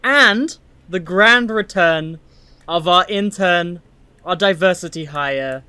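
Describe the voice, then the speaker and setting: High bright joking podcast host. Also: male voice, takes it slowly, smooth, no room sound. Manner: joking, teasing. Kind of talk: casual podcast banter.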